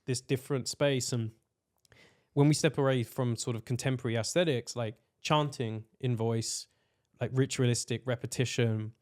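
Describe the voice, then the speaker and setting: A man's voice: medium pitch, a little mellow. Earnest man musing on voice. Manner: earnest, searching, many "like" fillers. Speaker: podcast guest, voice artist. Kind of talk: reflective conversational explanation.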